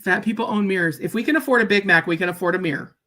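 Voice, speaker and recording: A woman's voice: medium pitch, very fast, fairly bright tone. A woman chatting on a live stream while she cuts paper crafts, blunt and joking, often laughing and tagging her sentences with "right?".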